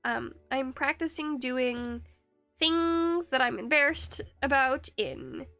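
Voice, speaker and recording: High-voiced woman rambling while carving. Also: very animated, takes it slowly, a bit bright, faint music behind. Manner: rambling, self-deprecating, hesitant with many fillers. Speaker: streamer. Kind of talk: casual live-stream chat while woodcarving.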